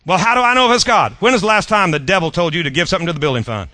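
A middle-aged male pastor delivers an animated sermon with a bright, forceful tone. His voice sits a little high, and he jabs playfully while stumbling over repeated words. The sound is dry and close. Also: rapid-fire, dry recording.

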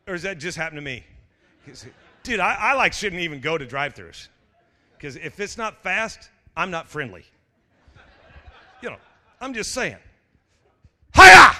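A man preaching an energetic sermon as pastor, full of stammered restarts, jokey asides and sudden shouted exclamations. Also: high voice, big-room sound.

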